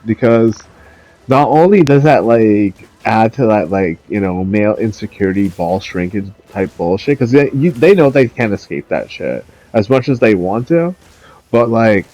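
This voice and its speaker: This commentary vlogger is a young man with a lowish, dark-toned voice, animated and moderately paced. He laughs, curses often, and rambles with lots of fillers, all captured in dull lo-fi audio.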